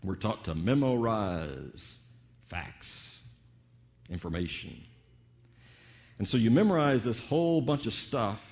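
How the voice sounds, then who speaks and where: A man preaching a sermon in a teacherly way, slowing down on key words and asking rhetorical questions. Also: fairly low pitch, expressive, a little mellow, lo-fi sound. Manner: teacherly, varied emphasis with drawn-out pauses and rhetorical questions.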